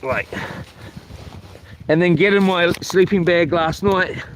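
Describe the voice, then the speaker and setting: Rambling high-voiced New man outdoors. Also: takes it slowly. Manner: rambling, swears mildly, many fillers. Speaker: camping vlogger. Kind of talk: casual vlog chat. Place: outdoors at a coastal campsite. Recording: outdoor wind and noise.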